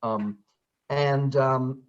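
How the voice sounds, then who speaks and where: An older Brooklyn man, an actor and audiobook narrator, chats casually in an interview with a clean, mid-range voice at an extremely slow pace. He's an animated storyteller who restarts often, uses fillers, and slips into voices. The audio is slightly dull and lo-fi.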